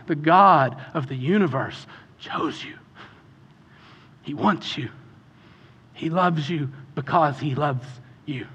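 A man preaching a sermon as pastor, building to passionate shouts and easing into a quiet prayer. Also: fairly high pitch, slightly rough, muffled recording. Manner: impassioned, builds to shouting then softens into prayer.

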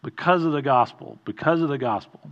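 Halting, conversational male preacher. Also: medium pitch, lo-fi sound. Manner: conversational, halting with restarts and asides. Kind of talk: informal sermon.

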